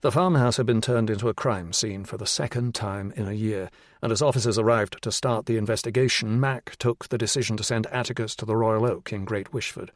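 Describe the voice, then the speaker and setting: A man's voice: lowish voice, steady tone, fairly quick, no echo. Man narrating a thriller audiobook, dry. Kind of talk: scripted narration.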